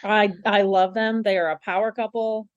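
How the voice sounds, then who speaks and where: A woman's voice: mid-range voice, little pitch movement, lo-fi sound. A woman co-hosting a podcast, chatting casually and gushing about a TV episode. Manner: effusive, gushing, quick to laugh along. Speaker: podcast co-host. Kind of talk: casual chat recapping a TV episode.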